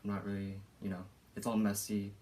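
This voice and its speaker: A man's voice: fairly low pitch, completely flat delivery, brisk, dark tone, a little hiss or hum. A young man explaining casually and hesitantly, with many fillers.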